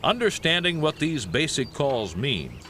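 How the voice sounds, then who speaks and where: Guy reading nature doc narration, lively pitch, faint hiss behind. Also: unhurried. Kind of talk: scripted documentary narration.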